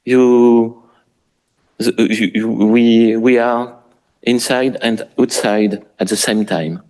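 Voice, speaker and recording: A man with a French accent, a native French speaker, giving an architecture lecture in English with frequent pauses and restarts. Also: medium pitch, steady tone, a little mellow. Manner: halting, many fillers and restarts. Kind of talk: public lecture.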